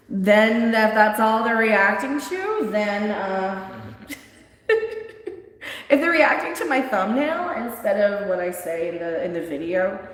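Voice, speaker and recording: A woman hosting a casual livestream, rambling and blunt as she chats and answers viewers, laughing often. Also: a little high. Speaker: livestream host. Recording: very echoey room with long reverb.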